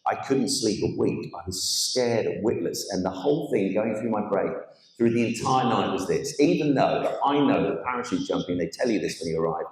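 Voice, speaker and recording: A man with a notably low voice tells a personal story to a gathered audience. He is animated, switching into other people's voices as he goes. The sound carries the echo of a large church hall. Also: moderate pace. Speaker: guest speaker. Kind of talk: storytelling testimony on stage.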